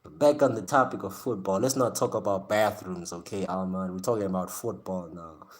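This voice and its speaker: A man's voice: sits low, a little fast. Slangy, joking man. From South Africa. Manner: slangy, joking, talks straight to chat, often laughs. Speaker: live-stream host reacting with chat. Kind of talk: casual live-stream chat.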